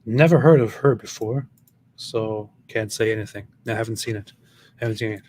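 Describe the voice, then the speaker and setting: Relaxed middle-aged man chatting live. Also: fairly low pitch, normal speed, a little hiss or hum. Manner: easygoing, thinks aloud and repeats himself. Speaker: livestream co-host. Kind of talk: casual chat on a live stream.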